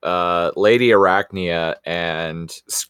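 A man's voice: low voice, takes it slowly, a bit bright, clean tone, dry recording, studio quality. A man co-hosting a casual chat, making wry joking asides. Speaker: podcast co-host.

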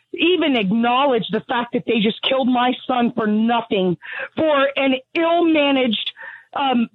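A woman's voice: sits high, dry recording. Angry, breathless woman caller on phone. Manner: angry, blunt, venting. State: out of breath from pacing. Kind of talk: call-in radio conversation. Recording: tinny phone line.

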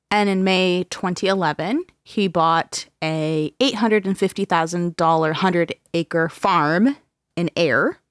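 A woman's voice: fairly low pitch, dry recording. Dry-voiced woman podcast host. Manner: animated, laughing, swears freely. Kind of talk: casual true-crime podcast chat.

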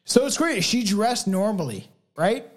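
A man's voice: sits high, very animated, a little slow. Joking Canadian man telling a story. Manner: laughs often, swears, jokey. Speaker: podcast co-host. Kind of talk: casual chat and storytelling.

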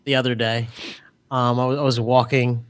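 A man's voice: medium pitch, level tone, moderate pace. A man co-hosting a podcast, making wry, offhand remarks in casual chat. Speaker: podcast co-host.

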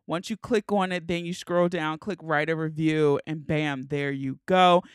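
A woman's voice: sits low, fairly even intonation, unhurried, clear, resonant tone, dry recording, studio quality. Chatty Baltimore woman hosting a podcast. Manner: laughing, chatty and frank. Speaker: podcast host. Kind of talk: casual podcast chat.

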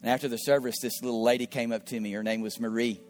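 A middle-aged man, a pastor, telling a story in an earnest sermon, often repeating his words and dropping into soft asides. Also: medium pitch, flat delivery, fast. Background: faint guitar music.

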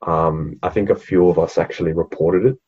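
A man's voice: deep voice, fairly even intonation, fairly quick, breathy edge, dull audio. A young Australian man co-hosting a podcast, rambling through a story in casual chat and swearing freely. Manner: rambling, swears freely, mocks quoted people. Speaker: podcast co-host.

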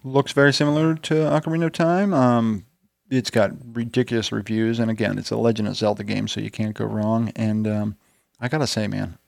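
Podcast guy w a gravelly voice, rambly casual chat, dry close sound. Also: on the low side, steady tone, brisk, a little mellow, dry recording. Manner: rambling, storytelling, swears casually. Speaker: podcast co-host.

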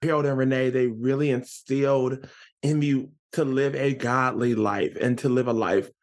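Enthusiastic male guest, mid-pitched, bright-spirited and lively. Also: normal speed. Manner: upbeat, excitable, pitch jumps high when animated. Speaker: podcast guest. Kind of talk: casual podcast interview.

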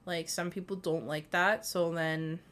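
A woman's voice: fairly low pitch, steady tone, measured pace, a bit bright. Young woman, solo podcast host; loose, rambling delivery, filler-heavy, swears casually.

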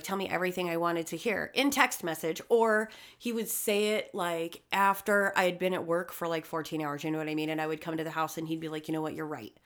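Profane, animated woman telling a story. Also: fairly low pitch. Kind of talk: casual storytelling chat.

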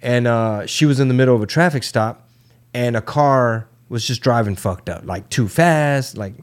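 Man, podcast co-host, slangy, profane storyteller, mid pitch. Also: moderate pace. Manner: loose, profane, slangy storyteller acting out quotes. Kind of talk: casual chat, storytelling.

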